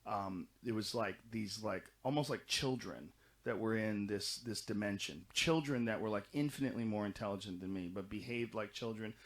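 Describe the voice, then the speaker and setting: A middle-aged man in casual podcast conversation, telling long, animated stories full of swearing and restarts. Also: on the low side, moderate pace. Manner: animated, profane, rambling storytelling. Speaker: podcast guest recounting experiences.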